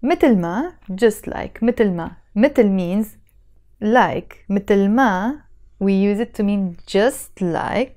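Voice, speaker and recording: A woman's voice: mid-range voice, darkish tone. A young woman with a Lebanese Arabic accent, patiently explaining and repeating phrases in a language lesson. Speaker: language teacher.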